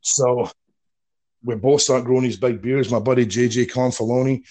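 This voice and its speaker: A man in his forties, a wrestler guest telling stories in a casual interview, animated and swearing freely. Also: medium pitch, moderate pace. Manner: animated storyteller, swears freely, acts out quotes.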